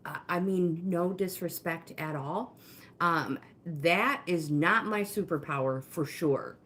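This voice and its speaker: A slow-talking middle-aged woman coaches a live walking workout on her fitness livestream, chatty and encouraging and calling out viewer names. Her voice is on the low side yet fairly bright, she's slightly out of breath, and there's a roomy indoor echo.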